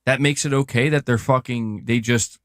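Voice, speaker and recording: A man's voice: medium pitch, fairly even intonation, normal speed, no echo, clean studio sound. A young man co-hosting a livestream, complaining in exasperated, profane casual chat. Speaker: livestream co-host.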